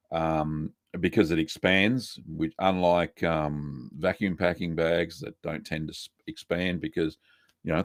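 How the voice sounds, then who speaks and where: A man hosting a live cheesemaking Q&A, relaxed and chatty, reading out viewer messages with lots of ums. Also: sits low, no room sound, clean studio sound. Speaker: cheesemaking show host answering live chat. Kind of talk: casual live-stream Q&A.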